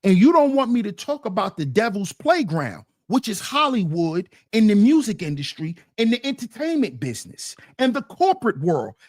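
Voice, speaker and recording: A man's voice: high-pitched, big pitch swings, moderate pace, hardly any pauses, darkish tone, no room sound, studio quality. A man hosting a livestream, reading chat comments aloud and answering them in an emphatic, mocking way that repeats phrases.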